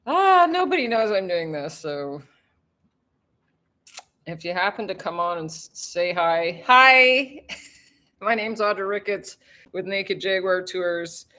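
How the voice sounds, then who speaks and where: A tour guide livestreams casually from home in a tropical town, greeting viewers with frequent laughter in a rambling, chatty way. She speaks slowly and expressively, pausing often, in a sharp mid-range voice.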